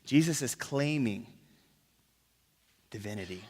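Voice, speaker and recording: A man pastor preaching a sermon, emphatic, dropping to a hush on key words and asking rhetorical questions. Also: medium pitch, expressive, unhurried. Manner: asks the crowd rhetorical questions. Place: church sanctuary. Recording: long reverb of a church hall.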